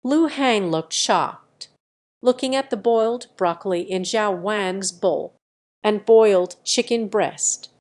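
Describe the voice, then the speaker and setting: A woman narrates a romance audiobook at an unhurried, deliberate pace. Her voice sits at a middling pitch, and the reading is scripted and even.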